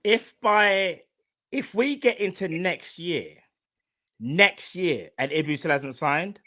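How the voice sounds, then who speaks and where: Young man, casual football chat, very animated, dry close sound. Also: sits high, slow pace, dry recording. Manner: animated, slangy, jokey. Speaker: football podcast co-host.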